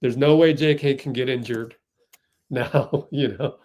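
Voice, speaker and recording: A man hosting a fan livestream, giving excitable live play-by-play and getting outraged at the referees. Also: mid-range voice, unhurried, a little hiss or hum.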